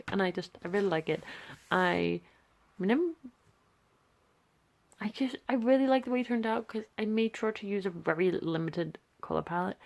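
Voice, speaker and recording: British girl rambling through her sketches, lowish voice, lots of fry, kinda apologetic. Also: darkish tone. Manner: chatty, rambling, self-deprecating. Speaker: vlogger. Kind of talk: casual sketchbook walkthrough.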